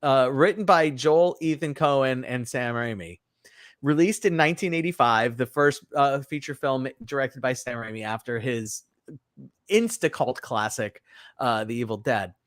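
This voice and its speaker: A man co-hosting a podcast, chatting casually about a movie in a rambling, animated way full of fillers and restarts. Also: mid-range voice, normal speed, dry recording, studio quality. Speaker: podcast co-host. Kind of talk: casual film review chat.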